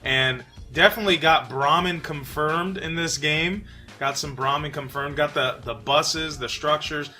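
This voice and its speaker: A man from New York hosting a casual gaming commentary, relaxed and chatty with frequent fillers. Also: fairly high pitch, unhurried, faint music behind. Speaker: channel host.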